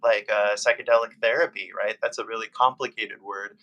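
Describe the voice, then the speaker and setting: A man with a Californian American accent, chatting casually on a live stream as an English tutor, patient and full of fillers, repeating questions slowly. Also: fairly low pitch, steady tone, bright, forceful tone, muffled recording. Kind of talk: live-stream conversation practice.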